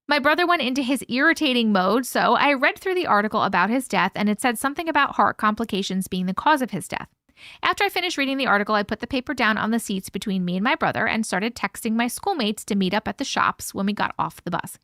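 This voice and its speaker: A woman with a bright, higher-pitched voice reads a viewer's story aloud during a live stream. She breaks in often with casual, chatty asides. Her voice sits close and dry on the microphone, with almost no room sound. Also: dry recording. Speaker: host reading viewer stories.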